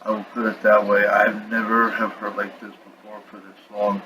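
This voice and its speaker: Man, low voice, frustrated, rambling vlog rant, faint room ambience. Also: monotone, moderate pace, background noise. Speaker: vlogger. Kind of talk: casual venting to camera. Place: at home with his dog on his lap.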